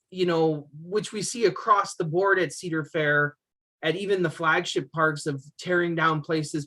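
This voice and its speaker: Chatty enthusiastic man with a bright voice. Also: high-pitched. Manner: enthusiastic, opinionated, lots of fillers. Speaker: podcast co-host. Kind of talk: casual chat about roller coasters.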